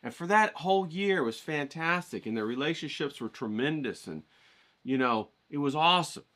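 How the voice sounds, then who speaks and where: A man's voice: on the high side, moderate pace. Pumped-up, swearing art vlogger man. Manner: energetic, swearing, pumped-up, lots of "you know". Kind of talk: casual profane pep-talk monologue.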